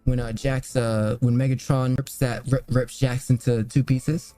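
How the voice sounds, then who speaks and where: A man's voice: medium pitch, little pitch movement, measured pace, dark tone, faint music behind. A young man reviewing films in a loose, rambling casual chat, full of fillers and swearing. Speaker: movie reviewer.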